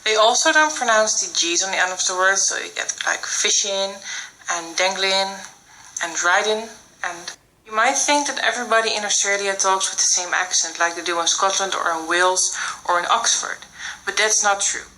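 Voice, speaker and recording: A woman's voice: medium pitch, brisk, sharp tone, poor audio. A teenage girl with a Dutch accent giving a school presentation, explaining with many fillers. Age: teens.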